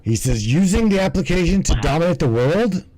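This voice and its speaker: A man's voice: high-pitched, big pitch swings, brisk, dark tone, no echo, rough recording. Rambling, profane male stream host. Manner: rambling, profane, stumbles and restarts. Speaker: livestream host. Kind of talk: casual commentary.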